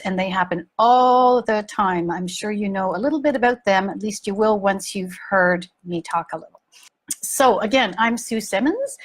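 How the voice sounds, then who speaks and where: Woman, parenting coach, husky, frank, animated, repeats for emphasis. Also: mid-range voice. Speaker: parenting coach and podcast host. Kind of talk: casual talk to listeners.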